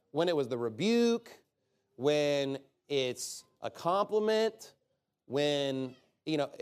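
Fairly high-voiced man preaching emphatically. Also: a little mellow. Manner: emphatic, conversational, rhetorical questions. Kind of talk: sermon.

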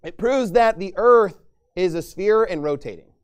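Emphatic high-voiced male preacher. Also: expressive, unhurried, clean tone, lo-fi sound. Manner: emphatic, forceful, mocking asides, reads scripture aloud. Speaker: pastor. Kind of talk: sermon.

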